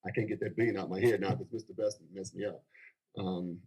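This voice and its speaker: Husky man giving an animated pitch. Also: brisk, poor audio. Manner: animated, preachy, laughs often. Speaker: crypto promoter. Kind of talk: excited livestream sales pitch.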